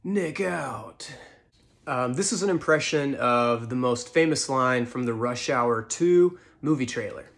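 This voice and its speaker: A man presenting comedy impressions with short, deadpan introductions. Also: medium pitch, normal speed, hardly any pauses.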